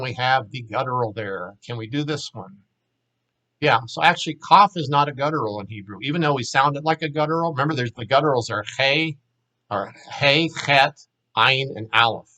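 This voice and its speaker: A man's voice: mid-range voice, moderate pace, pushed and bright, poor audio. A man teaching a language lesson, patiently walking learners through verb forms and repeating each word for them. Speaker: Hebrew teacher.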